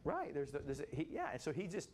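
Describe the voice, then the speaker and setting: Animated man teaching a Bible study. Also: fairly high pitch, quick pace, slight background noise. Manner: animated, acts out voices of people in the story, casual slang.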